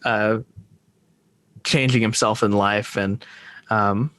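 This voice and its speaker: A man's voice: fairly low pitch, steady tone, slow pace, fairly bright tone, dry recording. A man co-hosting a podcast, musing about films in casual chat, often restarting his sentences and trailing off. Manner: rambling, full of restarts and hesitations. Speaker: podcast co-host. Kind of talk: casual film discussion.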